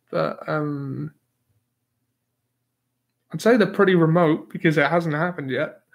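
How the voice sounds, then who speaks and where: A man hosting a casual livestream, reading out chat questions with easy chuckles and self-deprecating remarks. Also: on the high side. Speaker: livestream host. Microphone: new desktop microphone.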